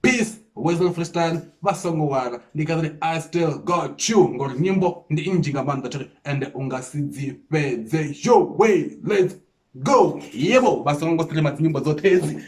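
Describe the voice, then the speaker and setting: A South African man reacting to a freestyle, explaining the lyrics line by line and repeating himself with excited disbelief. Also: a little high, moderate pace. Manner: repeats 'come on, man' with disbelief. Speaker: music reaction host. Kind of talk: casual reaction commentary.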